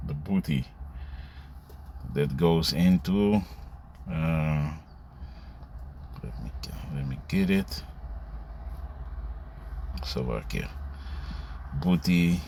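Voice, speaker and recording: A man's voice: rumbling low, animated, very slow, gravelly, pauses often, warm tone, slight background noise. A man giving casual scripture commentary, reading verses aloud and tagging lines with "you see" and "man". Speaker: religious commentator.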